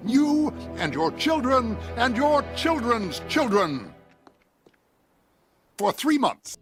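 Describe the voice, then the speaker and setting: A man's voice: extremely high pitch, sing-song, slow pace, over music, exaggerated voice. An actor playing a pompous male official of a historical society in a comedy sketch clip. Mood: indignant.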